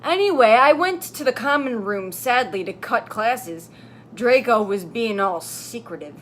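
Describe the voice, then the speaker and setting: A young woman reading a fan story aloud for comedy, deadpan and sarcastic, with joking asides. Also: fairly high pitch, a little slow, a little hiss or hum. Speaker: comedy reader.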